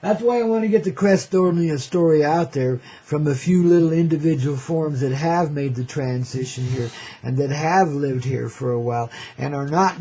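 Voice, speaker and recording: A man's voice: on the high side, warm tone, slightly rough. An older man hosting a radio show, rambling in a laid-back hippie drawl, often saying "man" and laughing. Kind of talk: rambling casual radio monologue.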